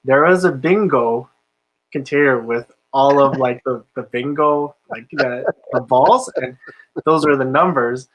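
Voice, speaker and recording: A man's voice: mid-range voice, a little slow, rough recording. A man hosting a casual podcast about casino games, laid-back and laughing often, with lots of filler words. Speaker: podcast host, casino dealer. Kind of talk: casual chat.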